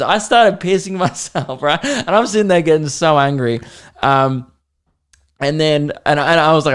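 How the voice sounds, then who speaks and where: An Australian man hosting a podcast, telling a comic story in an animated, sweary, exasperated way. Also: on the high side, normal speed, clear, resonant tone. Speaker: podcast host. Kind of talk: comedic storytelling.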